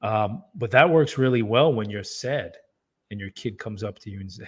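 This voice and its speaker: A man's voice: on the low side, animated, normal speed, husky. A man co-hosting a podcast in casual chat, emphatic and playing out sarcastic examples. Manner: emphatic, sarcastic role-play. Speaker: podcast co-host.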